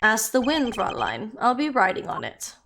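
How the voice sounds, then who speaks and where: A woman reading game dialogue as a suave, flirtatious male prosecutor, in a lower, smooth and theatrical voice. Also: huge pitch swings, normal speed, a bit bright, a little hiss or hum, exaggerated voice. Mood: dramatic.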